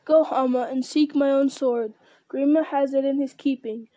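A woman's voice: sits high, fairly even intonation, normal speed, warm tone, no echo, lightly acted. A woman voicing an old king in a storybook reading, stern and lamenting in turn. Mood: commanding. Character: aged male king, weary then roused.

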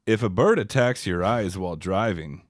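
A man's voice: fairly low pitch, animated, normal speed, no room sound, clean studio sound. A man voicing the male narrator of an old driver's education film, in a stiff instructional announcer delivery. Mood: instructive.

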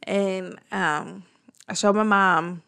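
A woman with a gravelly, fry-edged voice chats casually with a partner. She tells stories in an animated way, and her pitch leaps up whenever she acts out what someone said. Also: slow pace. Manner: animated storytelling, acting out quotes with pitch jumps. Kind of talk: casual chat.

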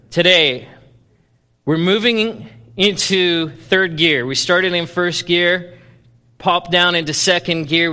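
A male pastor preaching a sermon, animated, swinging from loud playful bursts to low, intense stretches. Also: big-room sound. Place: church sanctuary.

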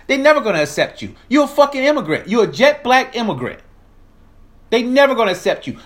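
A man rants at his viewers in a heated, emphatic style, swearing freely as he presses each point. His voice sits unusually high for a man. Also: fairly bright tone. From American South. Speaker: political commentator. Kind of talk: ranting monologue.

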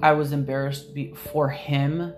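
A woman's voice: deep voice, fairly even intonation, unhurried. Woman guest telling her story, hesitant, lots of restarts, music playing under. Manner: candid, hesitant, with many restarts. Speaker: podcast guest. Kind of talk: personal storytelling. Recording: soft music behind.

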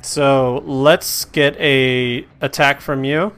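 Brief: laid-back male game master, mid-pitched, loose chatty narration. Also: steady tone, very slow, a bit bright, smooth. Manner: casual, chatty narration with fillers.

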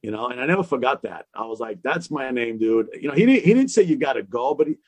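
Husky, dry-sounding man telling stories. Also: medium pitch, fast talker, no room sound. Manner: animated storyteller, acts out quoted exchanges. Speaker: DJ guest. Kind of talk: casual storytelling chat.

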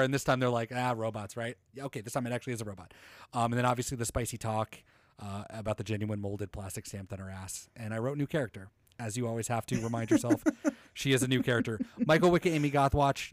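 A young man co-hosting a podcast in casual chat, animated and sarcastic, swearing freely. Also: mid-range voice, no room sound. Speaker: podcast co-host.

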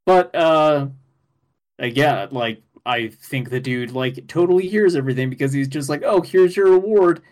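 A man co-hosting a casual podcast, recapping an anime episode in an excitable way, swearing and laughing as he goes. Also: medium pitch, moderate pace.

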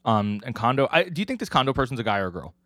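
A man's voice: mid-range voice, very animated, rapid-fire, a bit bright, no echo, clean studio sound. A man co-hosting a podcast, casually recapping a manga story in a rambling way with lots of fillers. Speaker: podcast co-host.

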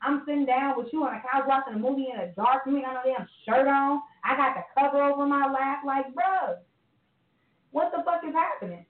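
A woman's voice: sits high, brisk, reverberant, distant mic, narrow, tinny audio. A woman co-hosting a podcast, telling stories in a blunt, candid and profane casual chat. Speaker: podcast co-host.

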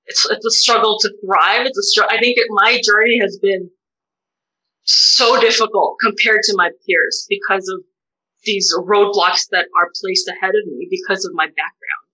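A woman being interviewed, a therapist and doctoral researcher, speaking in an animated, unscripted way with many fillers and restarts. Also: medium pitch, moderate pace, low-quality recording. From United States. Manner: animated, many fillers and restarts, voice rises sharply when quoting others. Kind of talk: emotional conversational interview.

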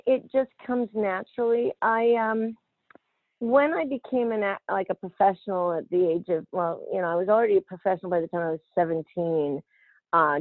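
A woman from Australia, an actress, telling stories in an animated interview and often laughing. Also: fairly low pitch, dry recording. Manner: animated, laughing, quotes other voices. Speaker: actress guest. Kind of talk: casual interview storytelling. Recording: tinny phone-like line, dry.

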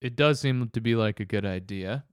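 A man's voice: lowish voice, normal speed, smooth, dry recording, studio quality. A man in casual chat as a co-host, laid-back, explaining things with hesitant fillers.

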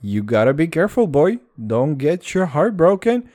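A man's voice: on the high side, sing-song, moderate pace, darkish tone, dry recording, studio quality. A man chatting casually in a vlog, rambling and swearing, often repeating "dude" and "all right".

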